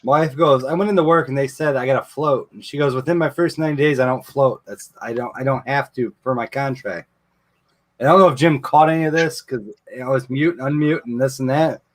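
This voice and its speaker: A man's voice: medium pitch, brisk. A man hosting a casual live chat, telling a long profane story about his wife's job. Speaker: show host.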